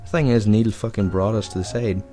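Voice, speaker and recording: A man's voice: on the low side, steady tone, fairly quick, mellow, faint music behind. A young man hosting a podcast, telling a rambling, profane anecdote in a casual way. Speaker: podcast host. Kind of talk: casual storytelling.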